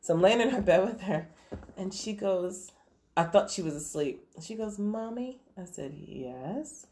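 A woman's voice: fairly low pitch, moderate pace, dark tone, a little hiss or hum. A woman in her thirties, a podcast co-host, telling a story in casual chat, acting out quotes and laughing often.

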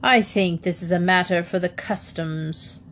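A woman's voice: on the low side, unhurried, fairly bright tone, a little hiss or hum. A woman voicing a stern, officious male immigration officer in a read-aloud storybook.

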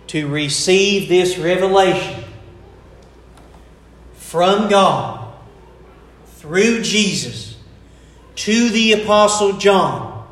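A man preaching a sermon in a slow, deliberate way, pausing to stress key words. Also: sits high, expressive, fairly bright tone, echoey room.

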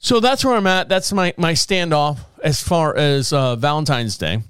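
A middle-aged man hosting a podcast, chatting casually and rambling with frequent laughs and quick high-voiced impressions. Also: clean tone, no echo, studio quality. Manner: rambling, animated, laughs often, mimics others in high voices. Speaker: podcast host. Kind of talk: casual solo chat.

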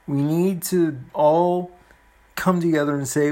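A man in his forties talking earnestly and gently to the camera, halting often and restarting his sentences, with soft emotional laughs. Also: a little high, fairly even intonation. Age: 40s. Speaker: vlogger. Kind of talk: heartfelt personal talk to camera.

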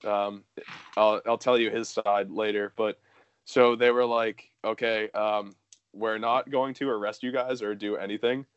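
A man's voice: on the low side, steady tone, a little slow, clean tone, no room sound, dull audio. A young man telling a story casually, rambling with lots of fillers and swearing.

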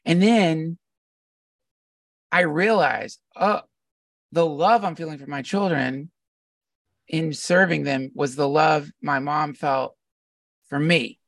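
A man's voice: fairly high pitch, takes it slowly, pauses often, a bit bright, no room sound, studio quality, distant mic. A middle-aged man, a podcast guest, talking casually in a reflective, meandering storytelling way. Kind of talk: casual conversation.

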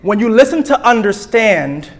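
Speaking at a moderate pace in a fairly high voice, a young therapist teaches a church group. His style is lively and playful, with small acted-out scenes and key points said more than once.

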